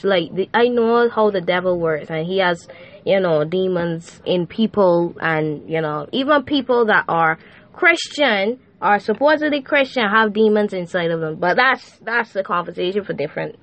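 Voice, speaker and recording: A woman's voice: medium pitch, a bit bright, lo-fi sound. A young woman talking casually to her viewers about her faith, chatty and slangy with many fillers. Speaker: vlogger. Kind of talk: casual faith vlog monologue.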